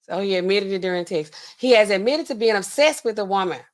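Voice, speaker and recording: A woman hosting a livestream in casual commentary, animated and laughing, acting out quotes in exaggerated voices. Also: mid-range voice, fairly quick. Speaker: pharmacist livestream host.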